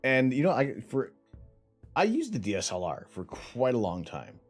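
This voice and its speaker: With faint music playing behind him, this Canadian livestream host speaks at a normal speed in a medium-pitched voice that swoops wildly up and down. His casual stream is a ramble through viewer questions, with chat read out and plenty of false starts.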